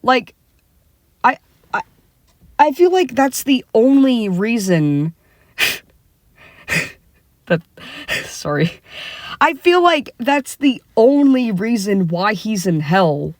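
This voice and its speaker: Young woman, casual rant from a parked car; unhurried, profane, full of "like" and restarts. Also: a little high, very animated, no room sound, clean studio sound. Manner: heated, swearing, lots of fillers and restarts. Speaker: vlogger. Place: sitting in a car.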